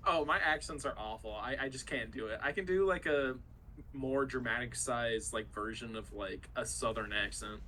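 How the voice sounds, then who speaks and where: A young man from Ohio joins a casual podcast chat with a bright, forceful voice. He teases his co-host and laughs often. Faint room ambience sits under the talk. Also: medium pitch, normal speed, slight background noise, rough recording. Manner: laughs often, light teasing.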